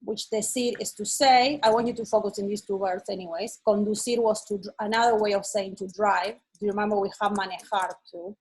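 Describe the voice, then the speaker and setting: A woman's voice: mid-range voice, fairly even intonation, fairly quick, few pauses, husky, rough recording. A woman teaching an online lesson, explaining patiently and checking that her student follows. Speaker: Spanish teacher.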